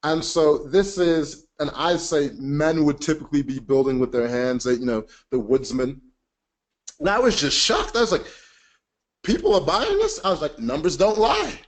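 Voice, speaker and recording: A man's voice: fairly high pitch, lively intonation, moderate pace. A man presenting a casual teaching webinar, chatty and emphatic, joking about himself.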